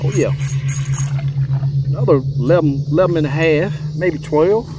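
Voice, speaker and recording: A man's voice: a little high, normal speed, heavy background noise. A man, chatting casually to viewers while fishing from a boat on a lake. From Texas. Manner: chatty, drawling, addresses viewers as y'all. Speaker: fishing guide. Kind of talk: casual fishing vlog commentary.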